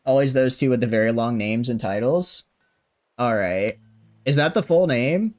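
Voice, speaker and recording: A man's voice: mid-range voice, moderate pace, a little mellow. A man streaming a game, chatting casually and thinking aloud as he plays. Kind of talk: casual gameplay commentary.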